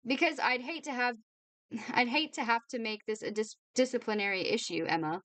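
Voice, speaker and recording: A woman's voice: a little high, brisk, a bit bright, no room sound, natural voice. A woman voicing an officious, spiteful male headmaster with a sing-song way of talking, in a read-aloud novel.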